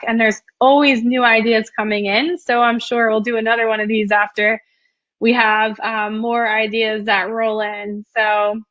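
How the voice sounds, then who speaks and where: A woman's voice: mid-range voice, fairly bright tone, no echo, lo-fi sound. A young woman hosting a casual live webinar, chatty and full of ums and likes as she reads out viewer questions and answers them. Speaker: webinar host.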